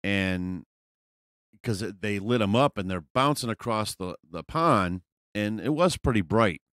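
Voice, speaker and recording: A man with a low voice tells a story in a loose, rambling style. He swears freely and leans on fillers. The sound is close and dry, with no room echo. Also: animated, measured pace, a bit bright. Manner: rambling, profane, frequent fillers. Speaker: vlogger. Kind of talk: casual storytelling.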